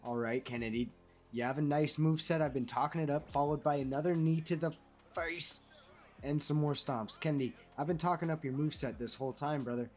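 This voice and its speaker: A man giving casual, animated play-by-play commentary over a wrestling video game he is playing, calling players "brother". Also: fairly high pitch, brisk, faint music behind. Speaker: gaming commentator.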